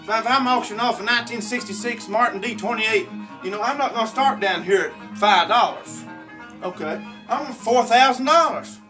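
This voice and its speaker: A man's voice: very high-pitched, moderate pace, bright, forceful tone, recorded from a distance, faint music behind, low-quality recording. A man teaching auctioneering at home, explaining steps and then breaking into a rhythmic bid-calling chant that repeats the numbers. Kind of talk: home video tutorial.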